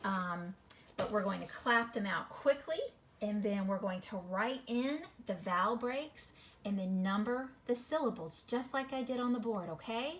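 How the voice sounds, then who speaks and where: A woman teaching a phonics lesson to children, encouraging and sounding words out slowly syllable by syllable. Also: medium pitch, expressive, fairly bright tone, a little hiss or hum. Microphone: recorded video lesson.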